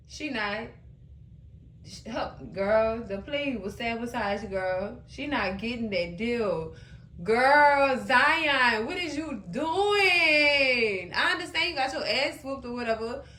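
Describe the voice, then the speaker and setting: A woman hosting a casual TV recap, animated and exclaiming as she retells the episode. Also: high-pitched, reverberant. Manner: animated, exclaiming and laughing between comments. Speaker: TV recap host.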